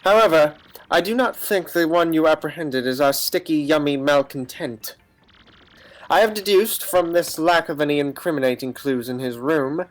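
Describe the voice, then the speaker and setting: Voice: medium pitch, moderate pace, lightly acted. A streamer voicing a pompous, formal male penguin detective from a game, self-assured and grandiose. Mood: smug. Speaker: streamer reading game dialogue. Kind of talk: voice acting a game's text on stream.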